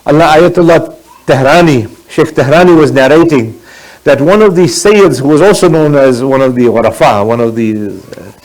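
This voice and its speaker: Man, sheikh, sermon, high-pitched, earnest exhortation, arabic religious phrases. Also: a little mellow, rough recording. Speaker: sheikh giving a religious talk.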